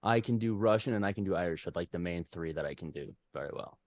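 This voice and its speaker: A man's voice: low-pitched, fast, a little mellow, no room sound. A man appearing as a guest on a comedy podcast, chatting eagerly and casually. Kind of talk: casual chat.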